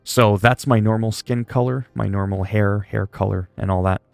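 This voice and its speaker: A man's voice: lowish voice, steady tone, normal speed, gravelly, no room sound, soft background music. A man from Canada chatting casually on a gaming livestream, joking and rambling while he answers chat.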